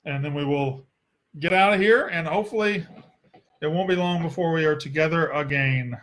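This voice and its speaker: A man's voice: fairly high pitch, normal speed, fairly bright tone. A young man with a Southern US accent, hosting a casual solo sports Q&A in a blunt, profane and sarcastic way. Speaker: sports podcast host.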